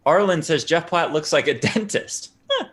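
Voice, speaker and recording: Wry quick-talking male stream host. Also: a little high, expressive, fairly bright tone. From United States. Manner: quick, wry, self-deprecating. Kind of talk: casual banter commentary.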